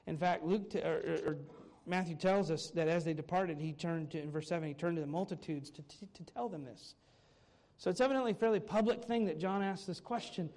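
A male pastor delivers a sermon with a high-pitched voice for a man. He talks animatedly, rising to loud emphasis on key points and dropping to quiet asides. When he gets excited he repeats words. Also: a little fast.

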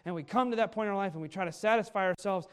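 A male pastor preaching a sermon in an animated way, acting out the speech of people he quotes. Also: sits high, very fast, smooth.

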